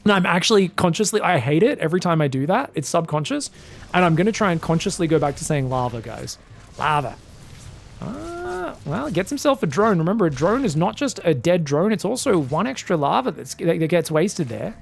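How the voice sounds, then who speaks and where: A man giving solo commentary on a strategy game match, excitable and chatty, bursting into shouted reactions and talking straight to his viewers. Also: sits high, a little fast, creaky, a little hiss or hum. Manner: chatty asides, addresses viewers as guys. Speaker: esports caster.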